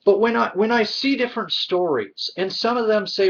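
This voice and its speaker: Male vlogger, fairly high voice, indignant and emphatic rant, dull lo-fi sound. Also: normal speed, hardly any pauses, fairly bright tone. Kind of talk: heated opinion rant to camera. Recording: dull lo-fi recording.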